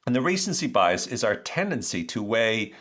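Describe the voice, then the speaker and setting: A man hosting an educational podcast, explaining ideas in a conversational, animated way with rhetorical questions. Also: fairly low pitch, normal speed. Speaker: podcast host.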